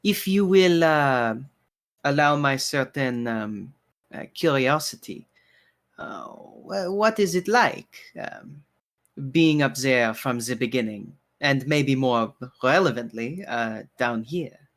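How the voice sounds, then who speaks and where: A man voicing a humble, wise male bartender who talks slowly and hums between thoughts. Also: medium pitch, expressive. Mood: courteous. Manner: slow, pausing with soft hums.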